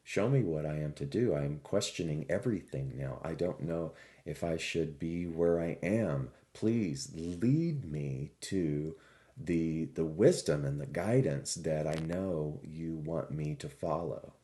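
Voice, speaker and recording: A man's voice: rumbling low, expressive, measured pace, mellow. A man voicing a troubled male student who earnestly questions his teacher and pleads for guidance. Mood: pleading.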